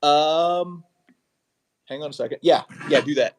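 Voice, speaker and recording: A man's voice: a little high, a little slow, heavy background noise. A man hosting a casual video call chat, friendly and thankful, with stammering restarts. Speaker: host.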